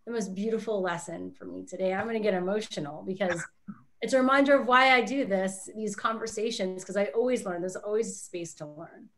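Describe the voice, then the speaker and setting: A woman's voice: medium pitch, brisk, a bit bright. A woman from Canada hosting a panel talk over a video call, speaking openly and emotionally, her voice lifting when she is moved. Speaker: host.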